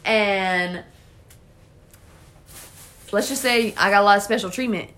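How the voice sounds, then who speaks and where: A young adult woman co-hosting a casual chat, telling a story in an animated, profane way. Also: medium pitch, measured pace.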